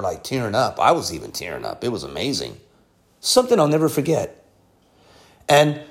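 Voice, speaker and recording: A man preaching a sermon and telling a personal testimony, with bursts of loudness, quiet asides and frequent repeated words. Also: medium pitch. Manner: animated storytelling, swinging between loud bursts and quiet asides; repeats words and restarts phrases.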